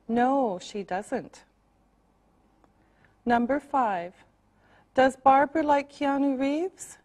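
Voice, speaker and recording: Woman, English teacher, slow quiz reading, deliberate, slightly high voice. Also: darkish tone. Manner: slow, deliberate, clearly spaced.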